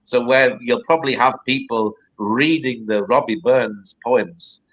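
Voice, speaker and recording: Brief: rambling male guest from northern England, bright tense tone, lo-fi call audio. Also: medium pitch, measured pace. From northern England, near the Scottish border. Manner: chatty, rambling, repeats words for stress. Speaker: poet and guest. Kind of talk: casual interview chat. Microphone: video call. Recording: lo-fi streamed video call.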